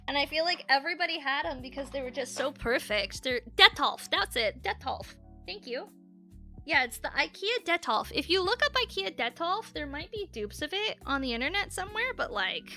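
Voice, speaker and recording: A woman's voice: high-pitched, bright, forceful tone. A young woman streaming, chatting casually and candidly with her viewers and swearing freely. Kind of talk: casual live-stream chat.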